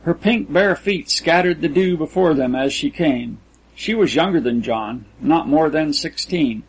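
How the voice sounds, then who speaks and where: Male narrator for classic fiction, husky, slightly raised pitch, measured. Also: expressive, rough recording. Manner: measured, descriptive reading. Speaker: audiobook narrator.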